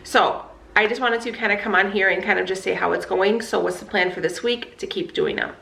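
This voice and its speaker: A woman's voice: medium pitch, sing-song, a little fast, creaky, a bit bright, roomy sound. A woman in her thirties chatting candidly as a vlogger, fired up, with lots of fillers and swearing. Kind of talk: casual chat.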